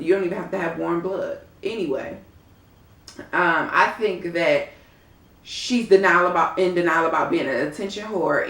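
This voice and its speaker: A woman casually reviewing a reality TV episode, animated and sassy, talking straight to her viewers. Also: lowish voice. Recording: roomy echo.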